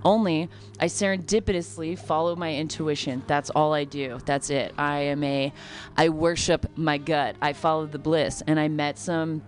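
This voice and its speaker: A woman from California's Kern River Valley, a comedian guest talking in a rambling, animated way and often breaking into laughs. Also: low-pitched, moderate pace, a little hiss or hum. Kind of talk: casual podcast chat.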